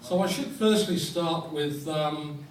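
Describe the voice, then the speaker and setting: A man serving as fines master at a club dinner, telling jokes in a dry, deadpan way to a live audience. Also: on the high side, takes it slowly, recorded from a distance, a little hiss or hum. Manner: dry, deadpan joke delivery. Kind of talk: joke-telling fines session. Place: function room with audience. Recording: roomy hall recorded from afar with crowd.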